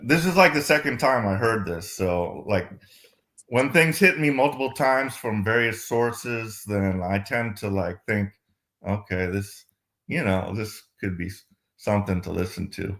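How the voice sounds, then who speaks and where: A man's voice: fairly low pitch, unhurried, fairly bright tone. A man calling in to a live Q&A, talking casually and rambling with lots of fillers. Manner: rambling, many fillers like "like" and "you know". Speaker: caller. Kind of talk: casual chat.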